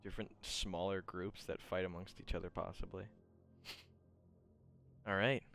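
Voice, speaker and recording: A man's voice: low-pitched, level tone, normal speed, vocal fry, fairly bright tone, slight background noise. A man narrating as game master in a rambling, playful way that often interrupts itself. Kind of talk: running a tabletop game.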